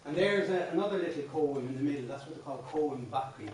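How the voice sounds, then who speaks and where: Irish man, song teacher, slightly high voice, very echoey classroom, off-mic. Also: animated, quick pace, a little mellow, far from the mic, a little hiss or hum. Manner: explains patiently, with many restarts, sometimes sings lines. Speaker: singing teacher. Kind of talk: workshop lecture on song. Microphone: distant room mic.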